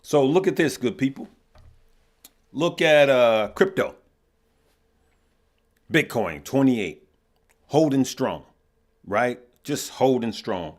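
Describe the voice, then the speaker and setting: A man's voice: on the low side, slow, pauses often. A man from Chicago hosting a casual stock market livestream, chatty and repetitive, greeting viewers as he talks. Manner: chatty, repeats himself, greets viewers mid-thought.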